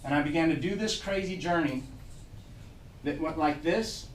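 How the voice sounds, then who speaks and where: A man's voice: a little high, normal speed, far from the mic, slight background noise. Middle-aged man telling stories in an echoey room. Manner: storytelling, animated, laughing through funny parts. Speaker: program director speaking to youth trainees. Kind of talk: motivational talk to a group. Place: room with an audience.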